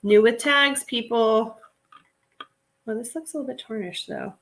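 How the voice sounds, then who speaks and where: A woman's voice: on the high side, unhurried, fairly bright tone, slight background noise. Chatty woman reseller live-streaming. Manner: chatty, gushing over items, reads viewer comments. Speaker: reseller livestream host. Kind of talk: casual live-stream chat.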